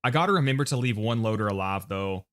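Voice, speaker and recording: On a livestream, an American streamer sets up a game loadout while casually talking to himself and reading chat. His voice is fairly low and fairly bright, animated and quick.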